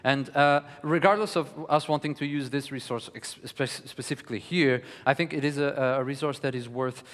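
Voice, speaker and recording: Guy teaching a music class, calm and careful, stops a lot to think, roomy hall sound. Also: medium pitch. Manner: measured, thoughtful, with frequent pauses. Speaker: lecturer. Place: studio hall. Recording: long reverb of a studio hall.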